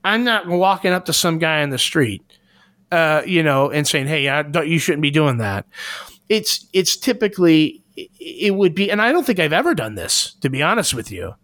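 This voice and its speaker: A man's voice: on the high side, big pitch swings, normal speed, a bit bright, no echo, clean studio sound. A man co-hosting a casual podcast discussion, speaking earnestly and hunting for the right words with many restarts. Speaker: podcast co-host.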